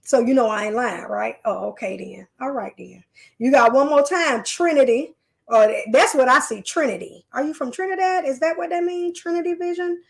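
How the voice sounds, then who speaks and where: Woman host, live-stream chat, folksy, chatty, slightly high voice. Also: normal speed, creaky. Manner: chatty, folksy, addresses viewers as y'all. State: leg pain.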